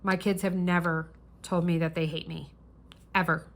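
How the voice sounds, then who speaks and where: Middle-aged woman, chatty crafting host, emphatic, slightly low pitch. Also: level tone, normal speed. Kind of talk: casual chat while diamond painting.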